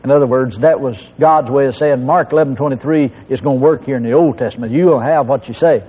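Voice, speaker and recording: A man preaching a sermon in an animated way, his voice jumping high when he drives a point home. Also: quick pace, breathy edge. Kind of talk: recorded sermon. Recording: long hall reverb.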